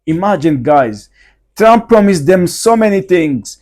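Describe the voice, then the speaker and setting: A man's voice: sits high, expressive, unhurried, a little mellow. A man hosting a reaction channel, addressing his viewers over and over as he comments. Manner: keeps calling out to the viewers, repeating himself. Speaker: channel host.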